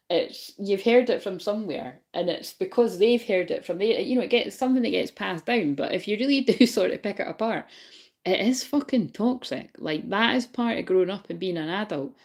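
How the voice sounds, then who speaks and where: This woman's voice is medium in pitch with a darkish tone as she delivers a loose, rambling spiritual reading to viewers. She laughs a lot, swears without hesitation, and keeps checking whether they know what she means.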